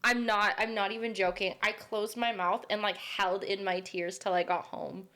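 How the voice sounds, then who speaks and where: A woman's voice: mid-range voice, flat delivery, moderate pace, sharp tone. Young woman telling blunt, laughing stories. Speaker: co-host. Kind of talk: casual chat.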